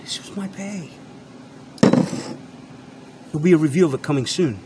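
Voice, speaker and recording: A man's voice: a little high, measured pace, dark tone, slight background noise. A man hosting his own channel, lecturing his viewers in an unscripted rant. He is emphatic and repeats himself, and he swears freely. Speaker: channel host and product reviewer. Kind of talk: unscripted ranting monologue.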